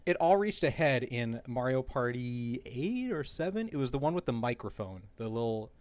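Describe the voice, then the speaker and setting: A man's voice: medium pitch, normal speed. Man telling stories on a chatty podcast. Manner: animated storyteller who laughs through his own anecdotes. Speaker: podcast co-host. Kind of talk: casual chat.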